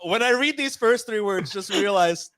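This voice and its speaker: A man's voice: sits high, animated, moderate pace, a bit bright. A man co-hosting a live-stream podcast, reading stories aloud in a joking, self-deprecating way and laughing often. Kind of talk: casual live-stream chat.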